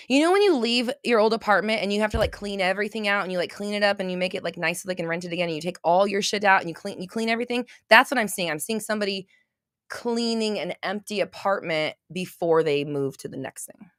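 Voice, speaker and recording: A woman hosting a casual livestream and doing intuitive readings for her chat, rambling, swearing freely and breaking into loud laughter. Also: mid-range voice, dry recording, clean studio sound.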